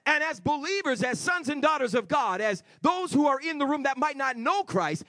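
Male preacher, high and animated pitch, emphatic sermon with shouted peaks and soft asides. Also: moderate pace, no room sound, studio quality. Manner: emphatic, swings between shouting and quiet asides. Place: church before a congregation.

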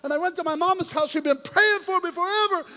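High-voiced man preaching in a big hall. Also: fast talker. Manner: animated, swings from hushed to shouting, laughs between lines. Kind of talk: sermon. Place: church sanctuary. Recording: long hall reverb.

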